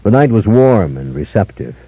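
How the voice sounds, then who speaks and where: A man narrating an unabridged audiobook in a measured, dramatic first-person style. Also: on the low side, big pitch swings, gravelly, no room sound. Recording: dull lo-fi older audiobook, dry.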